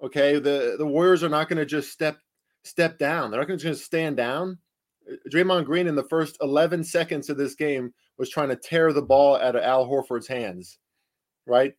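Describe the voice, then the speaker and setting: A man's voice: on the high side, moderate pace. A man with a New Jersey accent hosting a solo sports betting podcast, talking emphatically with rhetorical questions and fillers.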